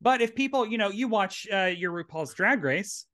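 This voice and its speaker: A man's voice: sits high, animated, moderate pace, bright, forceful tone. A man from Tennessee with a Southern accent, hosting a casual podcast chat in his drag queen persona, playful and chatty. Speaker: podcast host.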